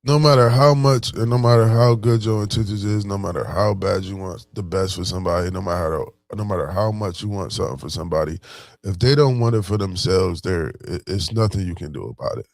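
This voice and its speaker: A man's voice: low-pitched, a little fast, gravelly, no echo. A man from Buffalo with a Buffalo accent giving a casual motivational talk, slangy and full of "you know what I'm saying.". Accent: Buffalo, New York. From Buffalo, New York. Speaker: vlogger.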